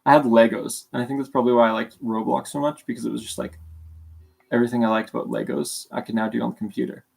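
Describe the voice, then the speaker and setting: Gravelly sleepy young man rambling. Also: mid-range voice, steady tone, fast, darkish tone. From Calgary, Canada. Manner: rambling, meandering, self-deprecating. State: sore throat, sleepy. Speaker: streamer. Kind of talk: casual livestream chat.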